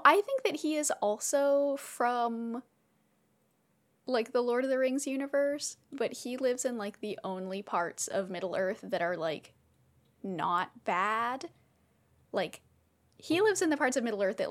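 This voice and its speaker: A woman's voice: on the high side, animated, measured pace. A woman talking as a podcast guest in a casual brainstorming chat, rambling and full of filler words.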